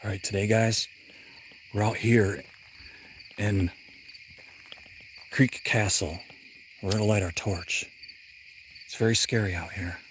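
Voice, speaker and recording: A man acting as a mock-scared male ghost-hunt show host, calling out into the dark in a hushed way. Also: fairly low pitch, fairly even intonation, slow pace, pauses often, a little hiss or hum. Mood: mock-spooky.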